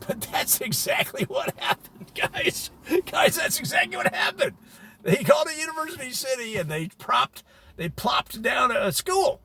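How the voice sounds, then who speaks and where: Gravelly high-voiced man rambling in mock authority. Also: huge pitch swings, moderate pace, sharp tone, slight background noise. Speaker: comedic presenter. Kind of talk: improvised deadpan parody spotlight.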